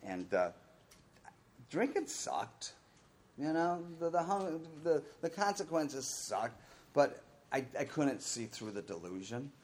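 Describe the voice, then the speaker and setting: A man's voice: medium pitch, big pitch swings, measured pace, a little mellow. A middle-aged man telling his own recovery story in a candid, rambling way, sometimes acting out the voices of the people he quotes. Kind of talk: personal recovery talk.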